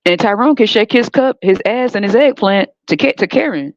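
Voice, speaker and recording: A woman's voice: fairly high pitch, expressive, unhurried, pauses often, no echo. Profane ranting woman, dull dry recording. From United States. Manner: profane, emphatic ranting with frequent rhetorical questions. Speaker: podcast host. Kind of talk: unscripted monologue.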